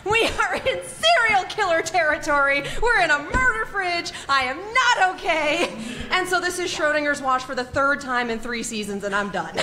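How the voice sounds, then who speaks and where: A woman co-hosting a convention panel, talking excitedly as a fan and laughing a lot. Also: high voice, normal speed, few pauses. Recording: stream of a live panel, background noise.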